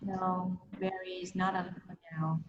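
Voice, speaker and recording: A woman's voice: on the low side, little pitch movement, a little slow. Woman teacher on a call, roomy and a bit muffled. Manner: switches between English and Vietnamese, quizzes students. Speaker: English teacher. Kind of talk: online class teaching. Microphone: video call. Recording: roomy, dull video call audio.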